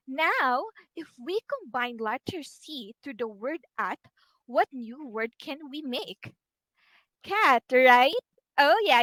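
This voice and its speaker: A woman teacher with a Filipino English accent, giving a slow, encouraging online phonics lesson to a child and modelling each sound for her. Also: sits high, pushed and bright, dry recording, rough recording.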